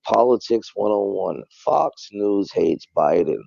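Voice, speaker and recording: A man speaking in an interview clip, emphatic and blunt. His voice is very low, gravelly and dark. The clip sounds dull and muffled. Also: expressive, slow, no echo.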